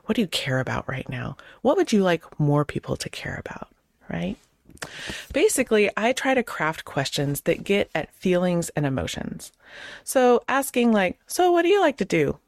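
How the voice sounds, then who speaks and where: Lively woman host acting out small talk. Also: fairly low pitch, normal speed, gravelly, no echo. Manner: acts out both sides of sample conversations in lively voices. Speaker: podcast host; clergy. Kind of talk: casual advice talk.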